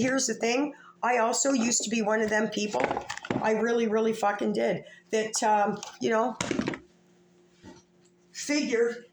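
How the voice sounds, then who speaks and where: A woman vlogger delivering a heated, profane, confrontational rant to camera in an echoey room. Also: mid-range voice. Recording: echoey room with faint ambient noise.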